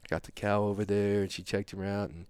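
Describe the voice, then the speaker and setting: A middle-aged man hosting a podcast, telling a long story in a rambling, animated way with lots of fillers. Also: lowish voice, a little fast, clear, resonant tone, no room sound. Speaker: podcast host. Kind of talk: casual storytelling chat.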